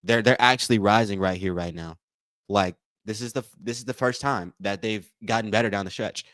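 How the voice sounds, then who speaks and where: Excitable man calling a game live. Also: on the low side, a little fast, no echo. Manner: excitable, repeats phrases, says y'all a lot; thanks donors by name. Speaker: livestream watch-along host. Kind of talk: live game commentary and chat.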